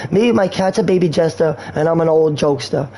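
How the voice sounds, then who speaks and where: Slangy high-voiced male streamer. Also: brisk, dark tone. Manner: slangy, rambling, erratic. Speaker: game streamer. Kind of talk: rambling casual stream talk.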